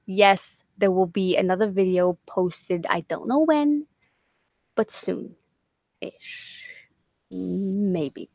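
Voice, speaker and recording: A woman's voice: mid-range voice, no echo, clean studio sound. A woman hosting a late-night livestream, tired and loopy, swearing freely, laughing often and rambling in casual chat. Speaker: livestream host.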